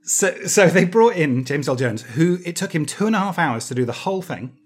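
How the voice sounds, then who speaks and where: A man co-hosting a podcast who tells stories in an animated way, laughing easily and restarting his phrases. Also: fairly high pitch, fairly quick. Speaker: podcast co-host. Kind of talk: casual podcast chat.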